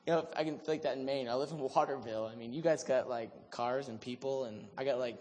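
A man preaching a sermon, telling the story in an animated, humorous way. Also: medium pitch, fast, hardly any pauses, big-room sound.

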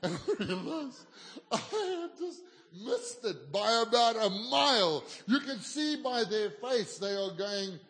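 A South African man, a pastor, preaching a sermon and telling a story with lively, self-deprecating humor, acting out the dialogue. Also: high voice, slow pace, big-room sound.

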